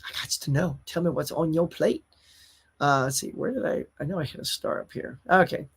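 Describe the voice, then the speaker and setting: A man in his thirties or forties hosts a live stream in a loose, chatty way, talking straight to his viewers and calling them y'all. His voice sits a little above the usual male pitch. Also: brisk, creaky, a bit bright, husky. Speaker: host. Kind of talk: casual live-stream chat, reading viewer comments.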